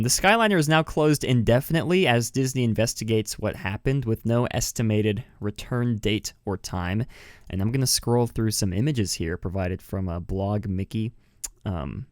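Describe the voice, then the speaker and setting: A man's voice: on the low side, no room sound, clean studio sound. A man from New Mexico hosting a casual podcast, chatty, laughing often and restarting his sentences. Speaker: podcast host.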